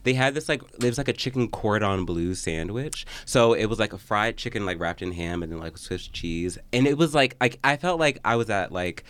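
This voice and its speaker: A young man hosting a casual comedy podcast, telling stories in a campy, animated way and teasing his guests. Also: lowish voice, normal speed, few pauses, clean tone, no echo. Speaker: podcast host.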